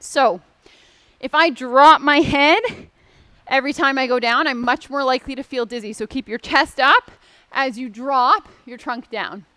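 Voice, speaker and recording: A woman's voice: high-pitched, a little slow, sharp tone, no room sound. A woman instructor leading a seated and standing exercise class, giving upbeat, encouraging cues. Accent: Canadian.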